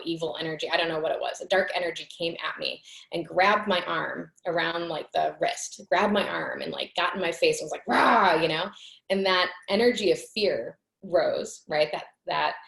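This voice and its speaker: Woman host, lowish gravelly voice, earnest storyteller, roomy echo. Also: normal speed. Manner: earnest, animated retelling with many "like" fillers. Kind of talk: reflective personal storytelling in conversation.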